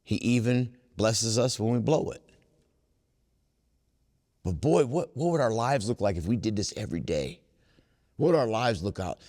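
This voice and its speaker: A man speaking at a twelve step workshop, earnest and preacher-like, slowing down to stress his points. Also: medium pitch, a little mellow, long reverb tail. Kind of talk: recovery workshop talk.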